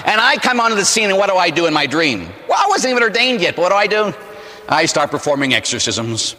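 Lively, animated male preacher in a hall. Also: high-pitched, fast talker. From Pittsburgh, USA. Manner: animated and humorous, acts out scenes. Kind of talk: storytelling sermon.

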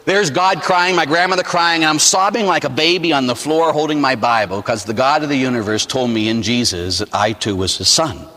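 A man from Pittsburgh, a Catholic priest, telling a personal story as a sermon in an animated, humorous way, acting out the scenes. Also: mid-range voice, a little fast, few pauses, big-room sound. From Pittsburgh, USA.

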